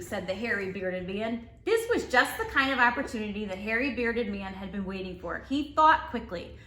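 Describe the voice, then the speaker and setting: Expressive woman reading aloud to kids. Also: mid-range voice, moderate pace, hardly any pauses. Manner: expressive and warm toward children. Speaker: teacher. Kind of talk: read-aloud storytelling for children. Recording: roomy echo.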